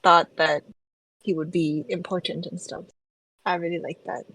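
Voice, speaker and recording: A woman's voice: on the low side, flat delivery, normal speed, fairly bright tone, no echo, poor audio. A woman co-hosting a book podcast, talking casually with lots of "like" and "you know" and frequent laughter. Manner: chatty, many "like"s and "you know"s, laughs often. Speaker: podcast co-host.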